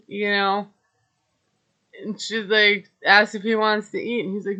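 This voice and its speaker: A woman recapping a reality episode in a slow, unhurried way, gossiping and passing judgment between her fillers. Her voice is bright and forward, and the recording sounds somewhat dull and lo-fi. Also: mid-range voice, steady tone. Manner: chatty, gossipy, judgmental asides with filler words. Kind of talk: casual recap monologue.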